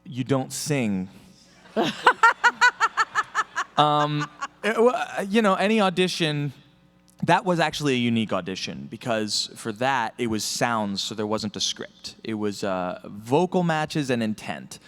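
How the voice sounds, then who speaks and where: A man speaking as a singer on a convention panel, animated and jokey. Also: mid-range voice, a little slow, slight background noise. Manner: animated, jokey, demonstrating vocal tricks. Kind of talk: casual panel talk. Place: convention hall stage.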